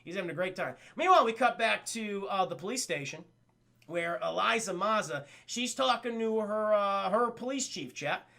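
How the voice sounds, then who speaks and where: A young man streams a cartoon review, swearing freely and talking to his chat in an excitable way. His voice sits fairly high and has a gravelly fry. The tone is bright and pushed. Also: normal speed. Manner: profane, excitable, addresses chat constantly. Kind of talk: casual streamed episode review.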